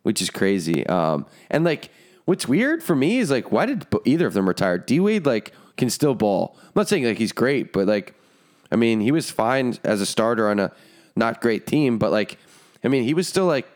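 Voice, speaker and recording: A man's voice: mid-range voice, sing-song, moderate pace. A man co-hosting a casual sports podcast, easygoing and rambling, with lots of "like". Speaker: podcast co-host.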